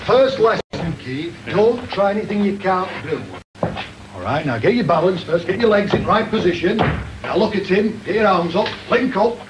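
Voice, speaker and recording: Gruff wrestling trainer barking orders. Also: male voice, high-pitched, expressive, normal speed. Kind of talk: coaching instructions. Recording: noisy archive documentary sound.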